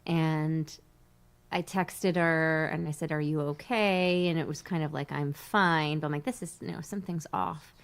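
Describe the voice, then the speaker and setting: A woman's voice: deep voice, normal speed, smooth. A middle-aged woman, hosting a casual livestream chat, telling stories with frequent laughter. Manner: chatty, laughs often, animated storytelling. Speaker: host.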